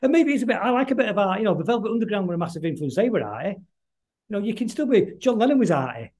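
This middle-aged guest musician has a somewhat high voice for a man, very animated yet a touch mellow. Chatting casually on an interview podcast, he talks quickly and loosely, wandering off topic, tripping on words, and restarting again and again.

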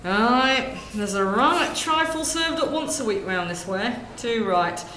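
A woman's voice: on the high side, expressive, slow pace, sharp tone, pitched above the performer's own voice, heavily acted. A woman voicing a chatty, nosy middle-aged shopkeeper in a comedy sketch. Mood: gossipy. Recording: roomy room sound.

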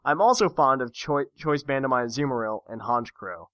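A man's voice: medium pitch, lively intonation, moderate pace, fairly bright tone, dry recording, clean studio sound, lightly acted. A man reading a fan letter as a boastful young wannabe rapper, mock-cool and showy. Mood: swaggering. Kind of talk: reading a listener letter aloud.

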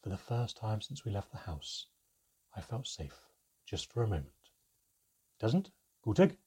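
A man reading a fantasy storybook aloud in first person, with a steady, measured delivery. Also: lowish voice, breathy edge. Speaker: audiobook narrator.

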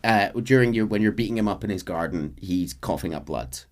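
A man hosting a podcast, casually recapping a game's story in a chatty, animated way. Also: sits low, brisk. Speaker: podcast host narrating a game story.

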